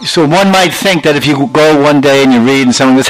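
A man delivers a sermon as a lively story, acting out the characters. He laughs often. His voice sits at a middle pitch, with faint music and chimes in the background. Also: fast, few pauses, low-quality recording. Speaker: spiritual teacher.

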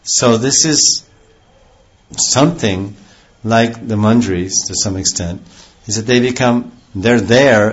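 Low-voiced man giving a devotional lecture. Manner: rambling, with many restarts and acted quotes. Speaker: spiritual teacher. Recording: dull lo-fi recording.

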